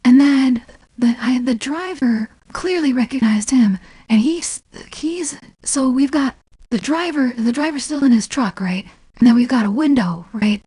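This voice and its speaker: A woman with a somewhat high, mellow and very breathy voice tells a long story in casual stream chat. She rambles, with lots of fillers and restarts, and swears freely. The sound is dry and close, with no room around it. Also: lively intonation, measured pace, no echo.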